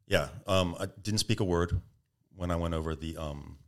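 Man, very low voice, podcast guest, animated storyteller, middle-aged. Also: normal speed. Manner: animated storyteller, acts out tones and quotes. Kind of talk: storytelling interview.

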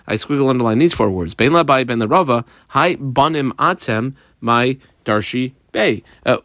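A man at an ordinary middle pitch teaches a Talmud lesson line by line. He translates each phrase and explains it, stopping often on ums and uhs. The recording is dry and close with no room sound. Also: fairly bright tone, dry recording.

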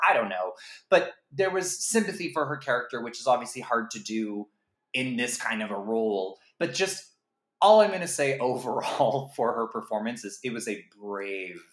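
A man co-hosting a podcast, talking through a film in a rambling, animated way with many fillers. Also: mid-range voice, normal speed. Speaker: podcast co-host. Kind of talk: casual film review chat. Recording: echoey room.

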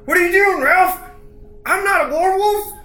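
A man voicing a panicky, dim-witted male soldier who yells in a raised pitch. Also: fairly quick. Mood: panicked. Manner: yelling, frantic.

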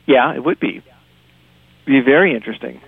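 A man's voice: mid-range voice, fairly quick, vocal fry, breathy edge, no room sound. A man hosting a podcast in casual chat, rambling and chuckling often. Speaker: podcast host. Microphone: phone. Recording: tinny phone line.

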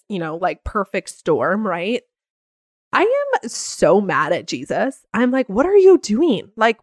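A woman's voice: medium pitch, no echo. Young woman host on a faith podcast, earnest, reads scripture, dry close sound. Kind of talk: faith-based podcast talk.

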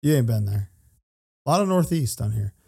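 A man's voice: mid-range voice, big pitch swings, brisk, vocal fry, warm tone, slightly rough. A man hosting a casual podcast, teasing and hyping up his guest. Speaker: podcast host.

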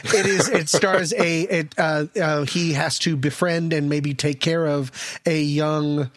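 A man's voice: a little high, fairly even intonation, slow, no room sound, clean studio sound. A man co-hosting a casual movie podcast, rambling, self-deprecating and laughing often. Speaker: podcast co-host. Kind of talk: casual chat.

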